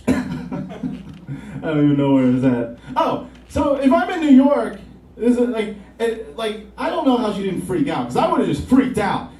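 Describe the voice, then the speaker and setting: A man's voice: high-pitched, a little mellow. A young man doing a rambling, profane, self-mocking stand-up comedy set on a club stage. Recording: roomy club sound from a distance.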